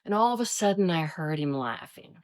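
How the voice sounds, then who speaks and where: Animated retired woman agent telling stories. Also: on the low side, a little fast. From Iowa, United States. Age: 50s. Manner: animated, acts out quoted voices. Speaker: retired DEA agent, guest. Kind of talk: casual interview storytelling.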